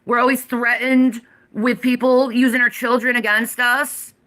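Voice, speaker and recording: Bright-voiced woman in her forties, ranting. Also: on the high side, little pitch movement, measured pace. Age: 40s. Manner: heavy profanity, defiant and emphatic. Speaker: livestreamer. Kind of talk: ranting livestream monologue.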